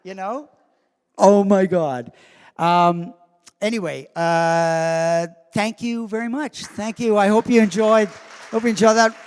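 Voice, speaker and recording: A man spins an unhurried story for a convention crowd, acting out every quoted line. His voice sits a little high, and a long hall reverb trails each phrase. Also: smooth. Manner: animated storyteller who acts out quoted lines. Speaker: convention guest of honor. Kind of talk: anecdote told to a live audience.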